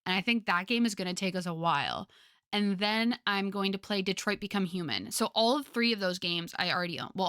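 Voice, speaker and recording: Bright, chatty young woman streamer. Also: medium pitch, clear, resonant tone, no echo, clean studio sound. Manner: chatty, laughs often, lots of fillers. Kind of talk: casual chat with viewers.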